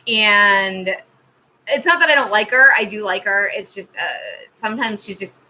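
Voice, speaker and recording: A woman in her thirties hosts a live tarot stream and chats casually with her viewers. She has a bright, clear voice that sits at an ordinary middle pitch. She rambles through stories, dropping "like" and "um" as she goes. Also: normal speed, poor audio. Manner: chatty storytelling with many fillers and laughs. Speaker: tarot reader and channel host.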